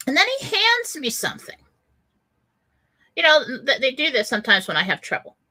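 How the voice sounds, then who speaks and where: A woman hosting a radio show tells a personal story in a casual, chatty way. Her voice is bright and her pitch moves a lot. She laughs often and fills her pauses with "um". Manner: animated, laughing often, many fillers.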